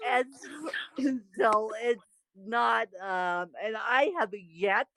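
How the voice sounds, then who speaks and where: Slow-talking woman podcast host, rambling. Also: a little high, fairly bright tone, slight background noise, rough recording. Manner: rambling, repeats herself, laughs often. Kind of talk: casual podcast chat.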